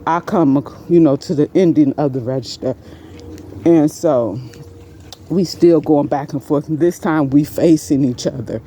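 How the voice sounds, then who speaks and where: A woman casually recounting a store incident as a vlog storytime, animated and rambling, her pitch leaping up whenever she quotes someone. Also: unhurried, slight background noise. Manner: animated, jumps much higher in pitch when quoting herself and others; rambling, many fillers and restarts. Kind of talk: casual first-person storytime.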